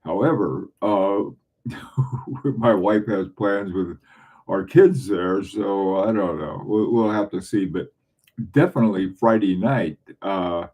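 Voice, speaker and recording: A middle-aged man hosts a casual livestream, talking to his viewers in a rambling way, full of restarts and small chuckles. His voice sits low, with a mellow, relaxed tone. He comes from southern New England. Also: takes it slowly, husky. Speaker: livestream host.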